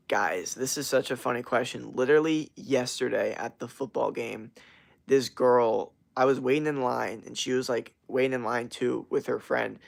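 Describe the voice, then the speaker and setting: Creaky and mid-range, this young streamer's voice moves at a moderate pace as he talks casually on a livestream. He rambles while responding to chat comments, using plenty of fillers and slang.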